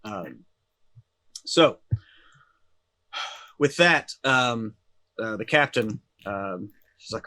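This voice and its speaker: A man's voice: fairly low pitch, animated, very slow, long pauses, bright, forceful tone, dry recording. A man narrating as game master in a tabletop game, hesitant and full of ums and uhs.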